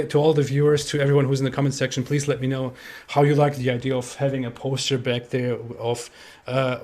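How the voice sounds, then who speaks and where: Man, middle pitch, emphatic, stumbling repeats, casual livestream talk. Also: a little mellow. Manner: emphatic, repeats words, laughs. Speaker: co-host.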